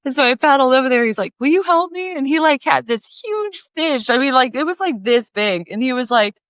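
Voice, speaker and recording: In a dry, clean studio recording, a woman with a high, clean-toned voice talks briskly. This Midwestern singer in her thirties, originally from Lake of the Ozarks, Missouri, laughs a lot while telling stories on a podcast and performs the voices of anyone she quotes.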